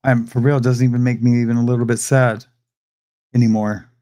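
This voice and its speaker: A man's voice: mid-range voice, level tone, a little fast, warm tone. A young adult man hosting a livestream, rambling defensively and repeating himself in a heated rant. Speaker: livestream host.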